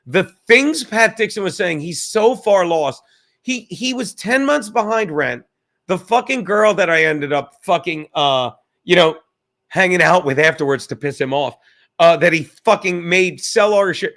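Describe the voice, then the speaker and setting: A man's voice: sits high, expressive, a little slow, a bit bright. A man hosting a podcast, talking in a rambling, profane and jokey casual monologue. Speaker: podcast host.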